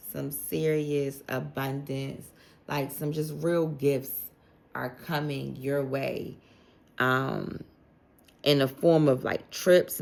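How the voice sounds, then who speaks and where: In a low, gravelly voice, a tarot reader casually works through a reading for each zodiac sign, speaking to them directly. Her talk is loose, slangy and unscripted, with "like" filling her sentences.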